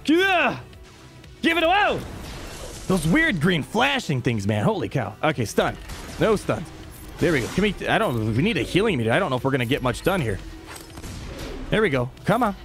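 A young man giving live gameplay commentary as a streamer, talking to his chat and shifting quickly between calm and excited. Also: fairly high pitch, faint music behind. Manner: excitable, talks to chat, quick mood swings.

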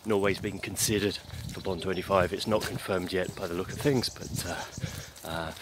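A man hosting a daily podcast, giving a casual news update while walking uphill, out of breath and halting with many fillers and restarts. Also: low-pitched, steady tone. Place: outdoors on a hill. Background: clear outdoor noise.

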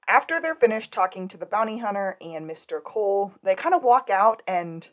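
A woman co-hosting a podcast who recaps TV episode scenes in a relaxed, wry, casual way. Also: mid-range voice, fairly quick. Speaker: podcast co-host.

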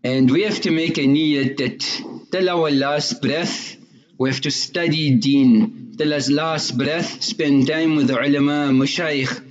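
A man preaching earnestly in a fairly high voice, weaving a story into his moral lesson. The recording sounds dull and lo-fi, as if the highs were cut off. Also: steady tone, takes it slowly. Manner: earnest, moralizing, sprinkles in Arabic religious terms. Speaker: Islamic preacher. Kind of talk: sermon with storytelling.

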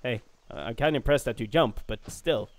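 A man's voice: mid-range voice, brisk. A man giving casual, joking, profane commentary while playing a fantasy role-playing game. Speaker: gaming video host. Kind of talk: casual let's-play commentary.

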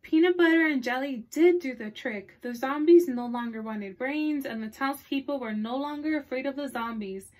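A woman's voice: sits high, moderate pace, few pauses, a little mellow. A woman librarian reading a picture book aloud to children. She stops to ask her listeners questions and laughs often.

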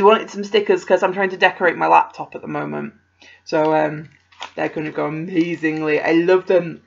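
A young woman, chatting casually as she unboxes a parcel, gasping and gushing with excitement. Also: deep voice, moderate pace, gravelly. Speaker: vlogger opening a parcel. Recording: slightly dull home video audio.

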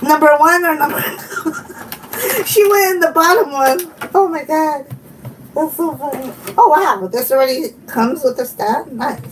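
A woman vlogger chatting casually while unboxing, giggling often and gushing with excitement. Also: sits high, unhurried, far from the mic, a little hiss or hum, low-quality recording. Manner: giggly and gushing, frequent laughter.

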